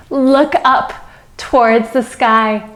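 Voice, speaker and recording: A woman leading a children's yoga story, giving slow, soothing instructions with playful animal sounds. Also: fairly high pitch, a bit bright, a little hiss or hum. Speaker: kids yoga teacher.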